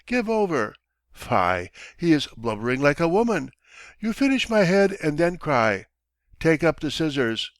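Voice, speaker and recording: A man's voice: on the high side, very animated, dry recording, clean studio sound, pitched above the performer's own voice. A man reading an audiobook, voicing a blunt, self-satisfied older townsman who talks down to others. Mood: impatient. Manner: brisk, dismissive, bossy. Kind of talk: audiobook character voice.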